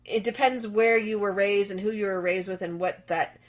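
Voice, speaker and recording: A middle-aged woman, a guest on an interview, who tells lively stories and acts out the dialogue she quotes. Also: medium pitch, normal speed. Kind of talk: conversational interview.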